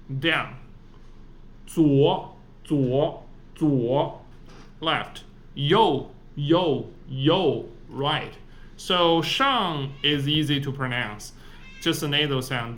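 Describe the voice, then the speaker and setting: Slow, echoey Mandarin teacher drilling sounds. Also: male voice, a little high, bright, forceful tone. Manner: slow, demonstrative pronunciation drills, repeating sounds. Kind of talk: short-form language lesson.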